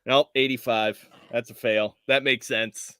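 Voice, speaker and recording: A man playing a tabletop horror game, describing his character's actions haltingly and full of fillers. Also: medium pitch, fairly even intonation, noisy background. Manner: halting, filler-heavy talk. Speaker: player. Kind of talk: casual tabletop game chat.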